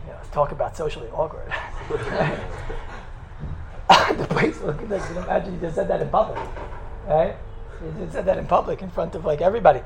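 A man who teaches in a yeshiva, telling stories in a lively talk and acting out the quotes. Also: a little high, a little fast, gravelly, long pauses. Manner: animated, acts out the quotes in his stories. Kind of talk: storytelling talk. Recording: echoey room with faint background noise.

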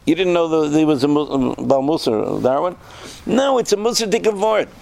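A male teacher speaking to a room of students in an animated, conversational way. His voice sits slightly high, and he keeps stopping to quiz the class. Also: moderate pace, vocal fry. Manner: animated, asks the class questions. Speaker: yeshiva teacher. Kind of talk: lecture to students.

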